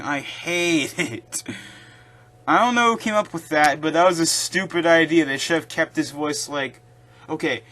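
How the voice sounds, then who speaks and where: A man's voice: high voice, a bit bright. A young man hosting his own video, ranting casually and with exasperation, rambling with restarts. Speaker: video host.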